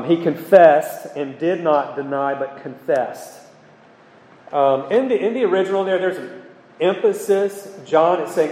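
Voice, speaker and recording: A man preaching an expository sermon, earnest and emphatic, pausing with ums as he explains scripture. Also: fairly high pitch, mellow. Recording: echoey hall with long reverb.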